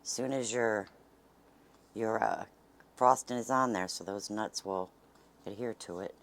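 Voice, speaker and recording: A woman's voice: extremely low pitch, a little slow. A woman hosting a cooking video, chatting in a folksy way as she bakes and sometimes dropping to a near whisper. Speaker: cooking channel host. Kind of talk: casual cooking demonstration. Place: home kitchen.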